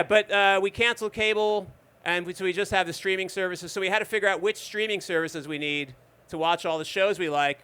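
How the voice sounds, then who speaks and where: A man's voice: high voice, pushed and bright. A man of fifty performing a stand-up set at a bar open mic, telling conversational stories with dry asides to the audience. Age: 50s. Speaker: stand-up comedian.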